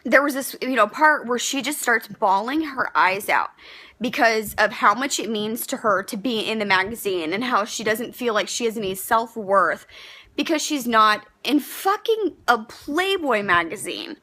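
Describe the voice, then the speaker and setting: A young woman with a high, bright voice vents to her camera in a casual rant. She is pregnant and talks heatedly and bluntly, swearing freely and tripping over fillers and restarts. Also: animated, moderate pace. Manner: heated, frank and profane, with many fillers and restarts. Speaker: vlogger.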